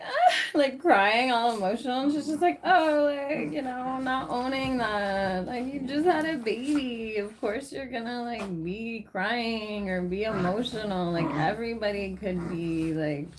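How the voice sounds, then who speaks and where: A woman's voice: on the high side, moderate pace, few pauses, noisy background. A woman chatting casually on a live stream from home, rambling with lots of fillers and frequent laughs. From Canada.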